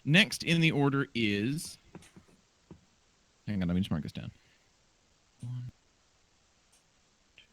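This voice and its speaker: A man's voice: mid-range voice, sing-song, takes it slowly, long pauses, bright, forceful tone. A man acting as game master, calling turns and bantering in a wry, distracted way. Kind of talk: running a tabletop game over voice chat.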